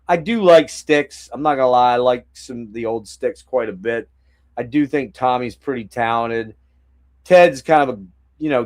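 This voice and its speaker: This is a middle-aged man hosting a casual live stream in a voice of ordinary pitch. He rambles from one thing to the next, swears without thinking about it, and talks straight to his viewers. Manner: rambling, profane, chatting to viewers. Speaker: collector streaming a haul show.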